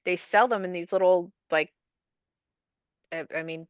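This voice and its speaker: Low-voiced woman, smooth and dry. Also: steady tone, a little slow, no echo, highs cut off. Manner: explaining, reading details aloud. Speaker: podcast co-host. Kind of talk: casual conversation.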